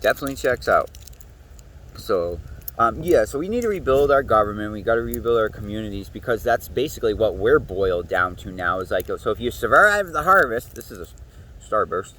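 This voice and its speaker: A show host rambles through a profane monologue, his pitch swinging widely with lively intonation. He talks fairly quickly in a bright, forceful tone, sounding a little far from the mic with faint noise underneath.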